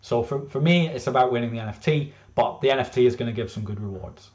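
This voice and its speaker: A man's voice: mid-range voice, fast, few pauses, a little mellow. A man presenting his own game casually, rambling with lots of fillers and restarts.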